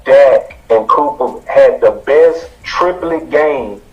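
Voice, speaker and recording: A man's voice: mid-range voice, faint music behind. Stat-quoting man on dull audio. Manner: stat-heavy, measured. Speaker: sports show co-host. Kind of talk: sports talk.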